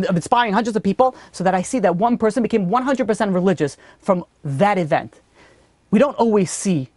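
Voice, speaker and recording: A man's voice: high voice, a little mellow, no room sound. A man, a rabbi giving a storytelling Torah lecture that lifts sharply on key points.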